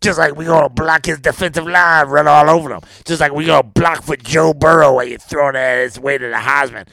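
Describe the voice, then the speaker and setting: Comic impression: a man playing a rowdy gravelly coach, bright tense rasp, dry close sound. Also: a little high, fairly even intonation, a little fast, no room sound. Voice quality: gravelly, raspy. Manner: brash, boastful, rambling with bursts of shouting. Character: gravelly Cajun football coach, brash and rowdy. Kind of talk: comedic impression in a mock interview.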